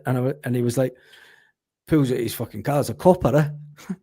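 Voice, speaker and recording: A Scottish man with a husky, slightly rough voice, telling anecdotes in a relaxed podcast chat. He talks in an animated way and swears freely. His pitch sits in an ordinary middle range. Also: moderate pace. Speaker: podcast guest or panelist.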